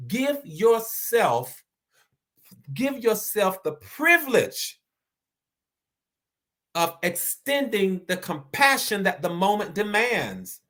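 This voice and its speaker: High-voiced earnest Southern man. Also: sing-song, takes it slowly, long pauses, fairly bright tone. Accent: Southern American. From American South. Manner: earnest, repeats key phrases, reads out chat comments. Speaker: host. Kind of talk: motivational live-stream talk.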